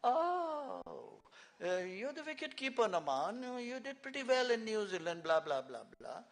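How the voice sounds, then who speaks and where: A man's voice: sits high, big pitch swings, moderate pace, gravelly, fairly bright tone, pitched above the performer's own voice, full character voice. An older man playing a nosy young male cricket fan who talks in a swaying, sing-song way and ends every line with "man". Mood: teasing.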